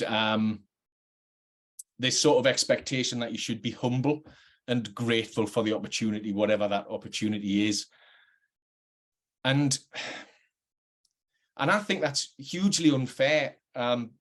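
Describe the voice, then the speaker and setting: Middle aged geordie guy, actor, lots of restarts, earnest, normal pitch. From North East England. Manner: hesitant, restarts often, earnest. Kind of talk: reflective talk to camera.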